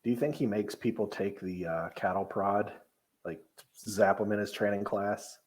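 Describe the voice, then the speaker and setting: Man, lowish voice, podcast co-host, playful casual chat. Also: fairly even intonation, moderate pace, darkish tone. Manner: playful, jokey asides. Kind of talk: casual chat watching wrestling.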